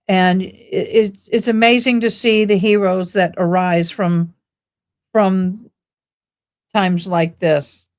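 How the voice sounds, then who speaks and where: A woman with a Texan accent, hosting a casual livestream and rambling as she thanks viewers. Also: medium pitch. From born in Tennessee, raised in Texas. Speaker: livestream host.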